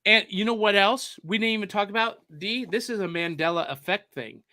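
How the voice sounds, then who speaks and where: Male podcast host, upbeat and playful, brightish tone, casual chat. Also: sits high, fairly quick. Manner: playful, breaks into a mock newsreel announcer voice. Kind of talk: casual chat reading viewer comments.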